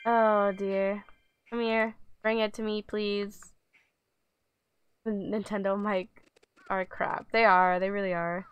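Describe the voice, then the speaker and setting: A woman streams a pet video game, coaxing her virtual dog with giggly, chatty commentary. Her medium-pitched voice is smooth, flat and slow, with frequent pauses.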